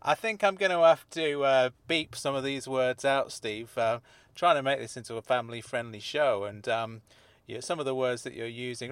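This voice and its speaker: A man hosting a comedy podcast, talking in a mild, calm, deadpan way with hesitant fillers. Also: medium pitch, normal speed.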